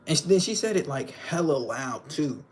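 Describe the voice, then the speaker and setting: A man's voice: fairly high pitch, animated, moderate pace. A young man hosting a casual livestream, rambling in slangy talk and often checking in with his viewers. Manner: rambling, slangy, keeps asking "you know what I'm saying". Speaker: livestream host.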